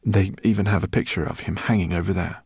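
A man's voice: sits low, fairly even intonation, quick pace, darkish tone, slightly rough, dry recording, studio quality, heavily acted. A man voicing an enthusiastic older professor who explains things, in a storybook reading. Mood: jovial.

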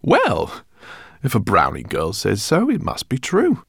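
A man's voice: lowish voice, huge pitch swings, measured pace, gravelly, breathy edge, dry recording, clean studio sound, exaggerated voice. A man voicing a kindly, bookish male professor who talks in a courteous, rambling way. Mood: genial. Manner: courteous, rambling, gently embarrassed. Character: kindly bookish male professor, middle-aged, fussy host.

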